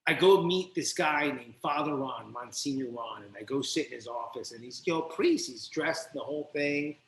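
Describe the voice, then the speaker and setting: Animated storyteller, a man in a roomy space. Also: medium pitch, moderate pace, gravelly. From New Jersey. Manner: animated storytelling, acting out both sides of the dialogue. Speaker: podcast guest. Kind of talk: personal recovery story. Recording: roomy echo.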